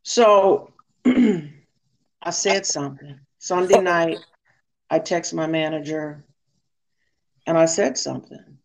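A woman telling a workplace story in an animated, casual way, often repeating herself. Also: low voice, slow pace, gravelly, long pauses.

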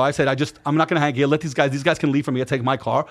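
A man's voice: medium pitch, rapid-fire. A man, a podcast guest, telling a story in casual talk. He swears freely and acts out the dialogue of the people in it. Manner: profane, animated, acts out quoted dialogue.

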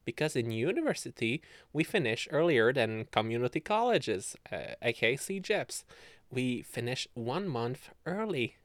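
A man's voice: mid-range voice, very animated, normal speed, dry recording. A young man from Canada chatting on his podcast from bed, giggling often, rambling and swearing. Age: young adult. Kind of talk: casual solo chat.

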